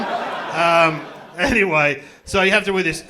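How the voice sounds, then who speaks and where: A middle-aged Australian man with a high voice performs a chatty, self-mocking stand-up set on a club stage at a moderate pace. It's a live club recording, with audience noise audible.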